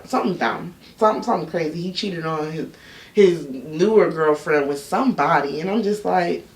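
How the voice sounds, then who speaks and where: A young woman telling a personal story in a casual, candid vlog, full of slang and animated asides. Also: lowish voice. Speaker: YouTube storyteller. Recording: echoey room, a bit off-mic.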